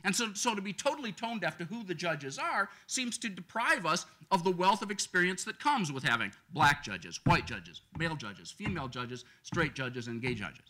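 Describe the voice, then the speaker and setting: Bright, animated man arguing a point. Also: high-pitched, normal speed, hardly any pauses. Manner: animated, argumentative, rhetorical questions. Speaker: panelist. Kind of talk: lecture-panel argument. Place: law school lecture event.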